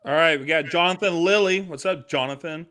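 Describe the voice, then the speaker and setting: An American man co-hosting a live fantasy football show, relaxed and reading out viewer questions. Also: fairly high pitch, fairly quick. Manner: laid-back, reads viewer questions. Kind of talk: casual live podcast chat.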